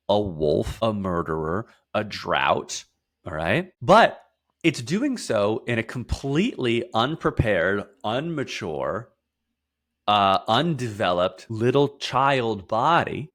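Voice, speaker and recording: A man with a fairly low voice talks as an interview guest. He explains with emphasis, stacking words into lists and repeating his key phrases. At weighty points he turns quieter and slower. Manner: drops to a quieter, slower, lower delivery for heavy points. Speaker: podcast guest, somatic therapist.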